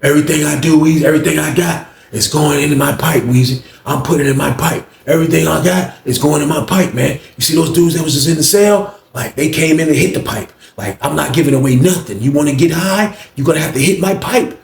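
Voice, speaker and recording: A man voicing a fellow inmate who flatly refuses to share his stash, insistent and dismissive. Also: fairly high pitch, quick pace, vocal fry, few pauses, roomy sound.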